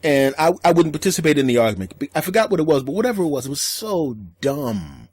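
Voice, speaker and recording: Solo podcast host, male, animated storyteller with a deadpan streak, dry close sound. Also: on the high side, fast, breathy edge, no room sound. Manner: storytelling, acts out voices in quotes, deadpan jokes. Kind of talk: solo comedic podcast monologue.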